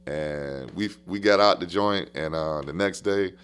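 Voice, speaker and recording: Deep-voiced man telling coaching stories. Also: unhurried, smooth. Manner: animated, slangy, repeats phrases for emphasis. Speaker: basketball coach. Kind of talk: casual podcast storytelling.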